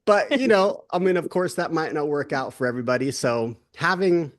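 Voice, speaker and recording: A man's voice: fairly high pitch, fairly quick. Man, young adult, co-host, casual chat, joking, rambling, easygoing. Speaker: co-host of a wellness summit.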